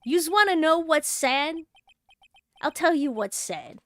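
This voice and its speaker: A woman voicing a gruff male street thug from a video game with a put-on East Coast accent, talking in a tough, mocking way. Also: sits high, lively intonation, slow, no echo, voice pushed up. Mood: menacing. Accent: put-on East Coast American.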